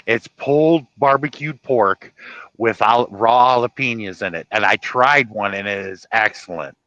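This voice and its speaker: A man's voice: fairly low pitch, unhurried, sharp tone, dry recording, highs cut off. A man from Ohio chatting casually on a livestream, rambling and correcting himself as he goes. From Ohio, USA. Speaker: livestream host.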